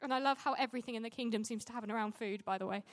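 A woman's voice: on the high side, very fast. A woman preaching a sermon in a conversational way, often restarting sentences and laughing at herself.

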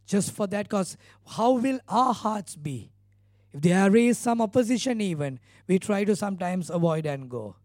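A man's voice: sits high, expressive, normal speed, a little mellow, no room sound, studio quality. A male pastor preaching a sermon, retelling scripture earnestly with emphatic repeated phrases.

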